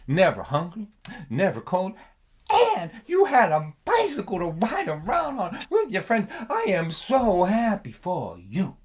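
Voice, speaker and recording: Guy doing a stern old dad, slow and measured, voice pitched up a bit. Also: over a noisy crowd, natural voice. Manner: measured, lecturing slowly. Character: older working-class father, war veteran, calm and quietly cutting.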